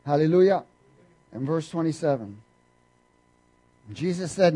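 A man preaching a sermon, quizzing his congregation and swinging between loud emphasis and hushed asides. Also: fairly high pitch, lively intonation, measured pace, husky, rough recording. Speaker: pastor.

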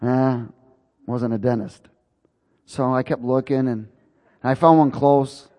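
A man's voice: mid-range voice, fairly even intonation, slow, warm tone. Folksy man preaching in a reverberant hall. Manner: folksy, chuckling storyteller. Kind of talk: sermon with personal story.

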